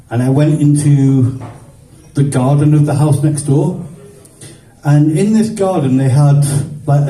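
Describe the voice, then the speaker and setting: A man doing stand-up, telling a rambling childhood story with lots of swearing and quick voices for the people in it. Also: on the high side, mellow, distant mic. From grew up in the 1970s. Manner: swearing, rambling anecdotal delivery with voiced characters. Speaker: stand-up comedian. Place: stage at a comedy show. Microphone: phone filming from the audience. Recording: roomy phone recording from afar.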